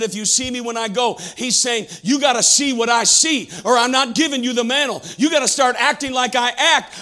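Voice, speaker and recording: A man's voice: extremely high pitch, sharp tone. A man preaching a sermon in a church, using a repetitive cadence and rhetorical questions. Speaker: pastor. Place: church sanctuary.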